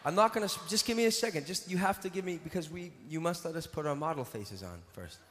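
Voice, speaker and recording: Speaking quickly and with lively intonation, this higher-pitched male singer jokes with the crowd and playfully chides them between songs. The live recording from a big tiered concert hall is noisy, with reverb and music underneath.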